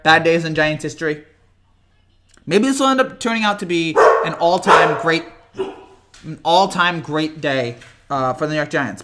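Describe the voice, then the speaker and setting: A young man hosting a casual live reaction stream, rambling and excitable, whose voice cracks often. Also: on the high side, noisy background. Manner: rambling, excitable, repeats himself.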